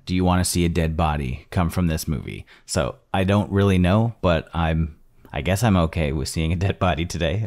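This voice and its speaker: A man's voice: sits low, a little mellow. A man hosting a casual first-time movie reaction, chatty and thinking aloud as he goes.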